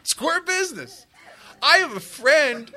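A man speaking at a recovery meeting and telling humorous stories in a joking, conversational way. He often drops into quiet asides and then breaks into loud, excited bursts. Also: extremely high pitch, slow, background noise. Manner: joking, conversational, full of "you know" and "man". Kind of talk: humorous storytelling talk.

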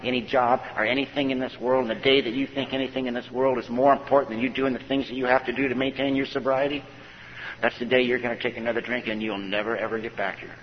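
A man telling a personal story from a stage, folksy and conversational, slipping into the voices of the people in it. His voice has a middle pitch and sounds dull and lo-fi. It carries a long reverb from a big hall, with faint room noise behind. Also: flat delivery, quick pace. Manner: folksy storyteller who acts out quoted dialogue. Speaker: speaker at a recovery conference. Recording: dull echoey hall recording.

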